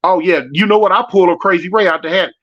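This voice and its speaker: A man's voice: sits high, steady tone, fast, highs cut off. A middle-aged man casually hosting a livestream, reading out viewer comments and asking for likes in loose, slangy street talk. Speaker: livestream host.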